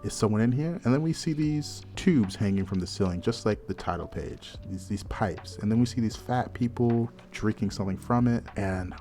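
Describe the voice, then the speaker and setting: Low-voiced man casually retelling a manga. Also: normal speed, hardly any pauses, soft background music. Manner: casual, animated retelling with asides. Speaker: manga reviewer. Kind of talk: casual storytelling recap.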